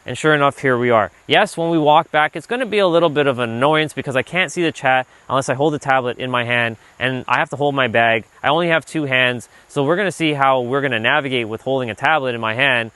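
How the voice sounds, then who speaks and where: A man hosting a livestream while out on a walk, talking loosely and casually, filling his talk with "like" and now and then letting a swear slip when he gets animated. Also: medium pitch, fast talker, few pauses, clean tone, no room sound. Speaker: livestream host, self-improvement speaker. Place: outdoors on a walk. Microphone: handheld gimbal rig.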